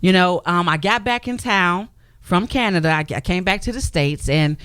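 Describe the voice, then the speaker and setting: A woman's voice: on the low side, expressive, normal speed, a bit bright, clear, resonant tone, dry recording. A woman who is a guest on a radio talk show, telling her personal story emphatically and acting out the quotes she recounts. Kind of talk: personal testimony in a radio interview. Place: radio studio.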